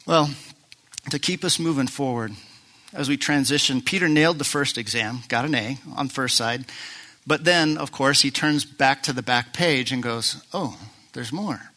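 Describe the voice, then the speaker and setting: A man preaching a sermon, animated and playful, acting out the voices of the Bible figures he retells. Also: medium pitch, moderate pace. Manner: animated, acts out Bible voices, jokes with the crowd. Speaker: pastor.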